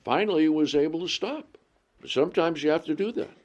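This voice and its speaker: A man preaching a sermon, pressing his points with rhetorical questions and drawn-out stresses. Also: fairly high pitch, darkish tone, slight background noise. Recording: dull lo-fi recording.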